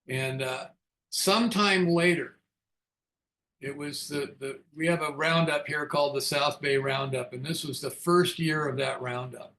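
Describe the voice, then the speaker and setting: Bright-voiced older man telling his story. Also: fairly high pitch. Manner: frank, self-mocking, chuckles often. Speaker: speaker leading a recovery book study. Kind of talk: candid storytelling talk.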